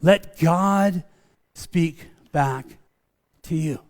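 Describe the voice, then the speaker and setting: A man's voice: fairly high pitch, extremely slow. A man preaching a sermon in a conversational way, often repeating and restarting words, and calling his own preaching a rant. He sounds middle-aged and speaks as the pastor of his church.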